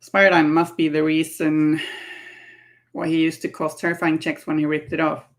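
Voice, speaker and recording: A woman's voice: deep voice, little pitch movement, normal speed, creaky. A woman painting miniatures on a livestream, chatting casually, laughing often and musing aloud as she works. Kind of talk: casual chat while painting.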